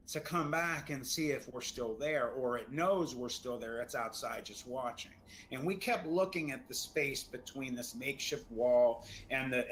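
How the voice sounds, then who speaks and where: A man's voice: medium pitch, fairly bright tone, a little hiss or hum, poor audio. Middle aged guy telling a scary story, stammers and repeats himself, shaky, plain mid voice. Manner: shaken, stammering, repeats words. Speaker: storyteller recounting an encounter. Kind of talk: emotional first-person storytelling.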